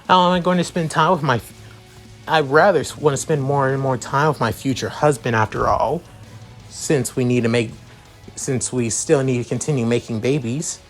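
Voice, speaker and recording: A man's voice: medium pitch, normal speed, soft background music, lightly acted. A man putting on a clingy, teasing young catgirl. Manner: playful, pushy, teasing.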